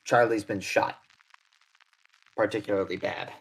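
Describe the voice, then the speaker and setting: A man's voice: fairly low pitch, fairly even intonation, a little slow, gravelly, voice pushed down, low-quality recording. Stammering, distraught young woman, as a man voices her. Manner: stammering, breathless, apologetic. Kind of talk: tabletop role-play voicing.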